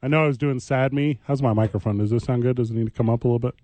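A man co-hosting a sports radio show, bantering casually with sarcastic, quick rants. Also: medium pitch, warm tone, dry recording, rough recording.

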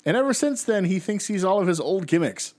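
A man co-hosting a casual podcast, recapping old wrestling shows as an animated storyteller who laughs often. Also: sits high, brisk. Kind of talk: casual chat.

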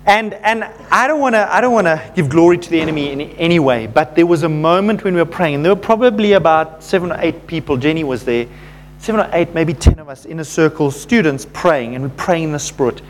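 A man's voice: a little high, fairly quick, a little hiss or hum. A man preaching a sermon, telling a story to his congregation and calling them folks, growing fervent as he goes.

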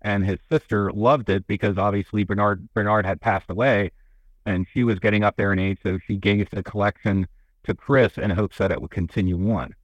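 A man's voice: on the low side, steady tone, moderate pace, dry recording, muffled recording. A man being interviewed on a radio show about a local museum, telling its stories in a folksy, rambling way with many restarts. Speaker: museum representative. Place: radio studio. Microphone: studio microphone.

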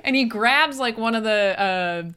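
Young woman, bright tone, casual podcast co-host, rambling plot retelling. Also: fairly high pitch, measured pace, clean tone. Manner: loose storytelling with "like" and "and then". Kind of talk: casual film recap chat.

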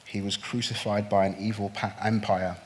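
A man preaching a sermon, swinging from hushed, slow lines to loud, pleading outbursts. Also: on the low side, little pitch movement. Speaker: pastor.

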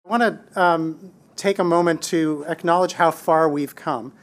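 Male researcher, a bit higher voice, hesitant interview talk. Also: fairly even intonation. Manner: conversational, many "um" pauses. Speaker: brain tumor researcher. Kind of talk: interview answer.

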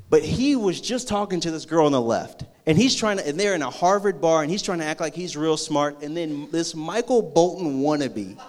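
A man preaching a sermon, acting out a movie scene with energy before turning slow and earnest. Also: fairly high pitch. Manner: slows and softens into earnest preaching. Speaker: youth pastor.

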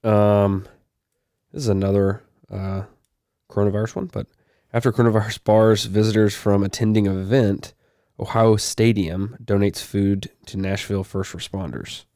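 A young man co-hosts a casual podcast, reading news items aloud and stopping for loose asides. His voice sits a little low and mellow in tone. The sound is close and dry. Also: steady tone, moderate pace, dry recording. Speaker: podcast co-host.

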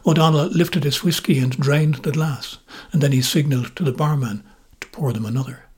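A man with an Irish accent, hosting a podcast and narrating memoir stories in a measured, gently wry manner. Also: on the high side, breathy edge. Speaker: podcast host and storyteller.

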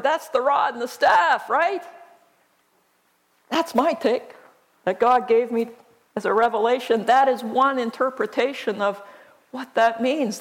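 A woman pastor preaching a sermon, reading scripture aloud in a deliberate, emphatic way. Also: a little high.

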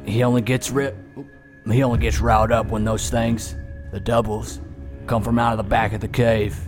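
An earnest frontier mayor explains himself in a lowish voice, as a game master puts him on. Loud music plays behind. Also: male voice, little pitch movement, normal speed, lightly acted. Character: older frontier town mayor. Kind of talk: tabletop role-play.

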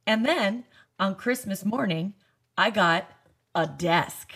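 A woman's voice: mid-range voice, slow pace, a bit bright, husky. A young woman co-hosting a podcast, chatting casually with dry, joking storytelling. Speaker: podcast co-host. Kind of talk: casual chat.

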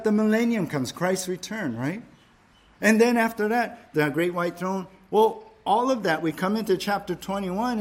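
A man preaching a sermon, emphatic and repetitive, often checking in with the listeners. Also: sits high. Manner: emphatic, repeats phrases, frequent "right?" checks. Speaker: pastor.

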